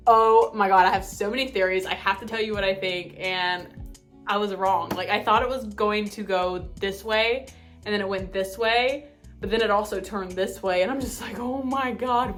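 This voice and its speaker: Bubbly young woman gushing over books. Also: medium pitch. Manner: bubbly, gushing, full of fillers; speeds up when excited. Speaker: book vlogger. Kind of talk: casual chat.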